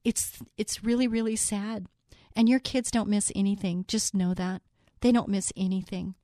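A woman hosting a faith talk show, speaking in an earnest, personal way, quoting scripture and slowing down to stress key words. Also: mid-range voice, fairly even intonation, warm tone, no room sound, clean studio sound. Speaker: show host.

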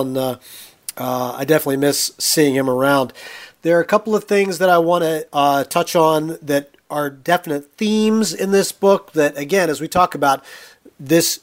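A man interviewing an author, asking relaxed questions with a few fillers. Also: a little high. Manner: conversational, asks questions with fillers. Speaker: interviewer, sports writer.

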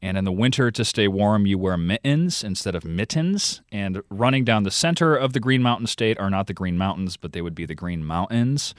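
A man's voice: lowish voice, brisk, few pauses, no echo, studio quality. A man from Vermont, a reporter and podcast host, explaining carefully in a radio interview with some fillers.

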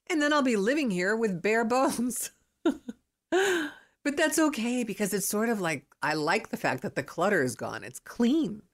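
A woman in her fifties hosting a podcast, talking in an excitable, rambling, emphatic way as she gives motivational advice. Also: medium pitch. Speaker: podcast host.

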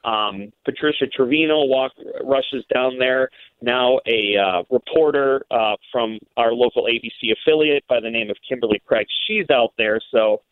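A man's voice: medium pitch, normal speed, clean tone, no room sound. A male radio producer, a guest on the show, tells a long story with many fillers and restarts. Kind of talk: phone interview storytelling. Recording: tinny dry phone line.

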